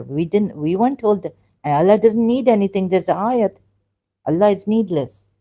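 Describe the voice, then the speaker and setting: On her casual religion livestream, the host speaks in a somewhat low, mellow voice. Her delivery starts halting, full of fillers and quick apologies, then she presses her point with sharp rhetorical questions.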